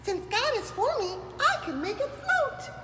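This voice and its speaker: A woman voicing a tiny, eager female termite builder in a storybook, speaking high and confident. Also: very animated, measured pace, very noisy, exaggerated voice. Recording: echoey room with long reverb.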